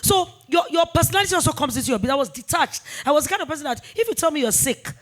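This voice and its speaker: High-voiced emphatic businesswoman. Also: racing. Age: 40s. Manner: emphatic, animated storytelling with repetitions. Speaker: business founder and guest. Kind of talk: fireside chat interview.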